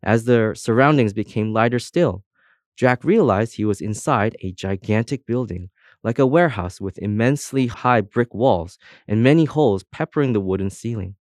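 A man narrates a storybook with expressive, lively storytelling. His voice sits fairly low, and the recording is dry and close to the mic. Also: normal speed, no room sound. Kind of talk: audiobook narration.

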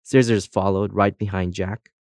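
A man narrating a children's storybook in a steady, scripted reading. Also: low-pitched, moderate pace, no room sound, studio quality. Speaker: audiobook narrator.

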